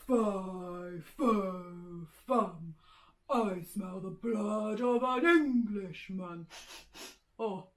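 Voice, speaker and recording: A woman voicing a big grumpy giant who sniffs out stinky children, in a children's sensory story, with a booming, teasing, mock-menacing manner.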